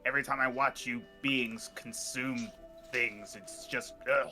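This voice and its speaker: A man's voice: mid-range voice, steady tone, unhurried, bright, forceful tone. A man playing a chatty many-mouthed creature. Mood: bemused. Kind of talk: tabletop role-play voicing. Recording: faint music behind.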